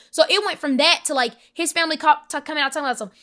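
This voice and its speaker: Bright-voiced young woman telling a story. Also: sits high, rapid-fire. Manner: animated, emphatic, acts out quoted voices. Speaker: podcast guest. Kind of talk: emotional personal storytelling.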